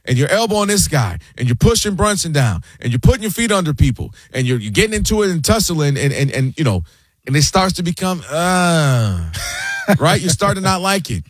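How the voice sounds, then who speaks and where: A man hosting a sports talk show, making an animated and opinionated case in casual commentary and slipping into quick impressions of fans and players. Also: a little high, no room sound, clean studio sound.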